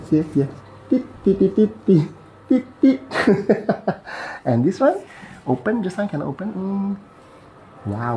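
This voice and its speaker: A man with a Malaysian English accent talks a patient through hands-on bone-setting, using clipped, simple phrases and playful sound effects as he works. His voice is medium-pitched and mellow. The rough recording carries a little hiss or hum.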